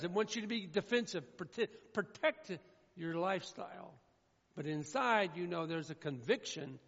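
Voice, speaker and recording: A man preaching a sermon with emphatic delivery, his voice swinging from loud declarations to hushed low lines. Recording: echoey hall with dull sound.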